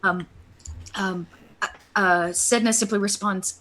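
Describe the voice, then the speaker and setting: A woman playing a tabletop game who chats casually and hesitates often, filling her pauses with ums and uhs. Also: mid-range voice, bright, forceful tone. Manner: chatty, hesitant, with many fillers. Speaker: player.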